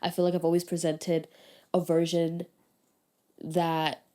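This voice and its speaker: A woman's voice: fairly low pitch, completely flat delivery, unhurried, mellow. A young woman hosting a podcast, talking in an earnest, reflective way with plenty of fillers. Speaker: podcast host. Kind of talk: casual chat.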